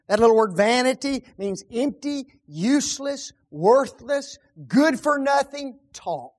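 High-voiced preacher with dramatic hushes. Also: male voice. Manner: rhetorical questions, dramatic drops to hushed tones; emphatic, repeats key words. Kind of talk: sermon on a psalm.

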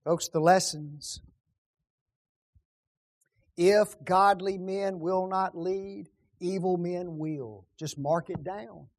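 High-voiced preacher with dramatic hushes. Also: male voice, fairly even intonation, slow, long pauses. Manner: rhetorical questions, dramatic drops to hushed tones; emphatic, repeats key words. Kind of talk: sermon on a psalm.

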